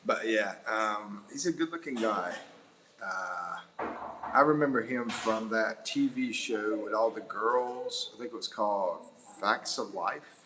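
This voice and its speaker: A middle-aged man rambles through a casual live chat, chuckling between thoughts. His voice sits fairly low, and a faint hum lies underneath it. He talks from indoors beside a window. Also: measured pace. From United States. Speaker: livestream host.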